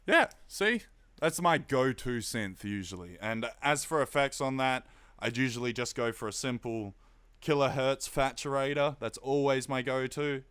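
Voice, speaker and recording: A man's voice: mid-range voice, moderate pace, smooth, no room sound. Laid-back Australian man on a stream. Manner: relaxed, chatty, reads chat aloud, laughs often. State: tired. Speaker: music producer streaming. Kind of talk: casual live-stream tutorial.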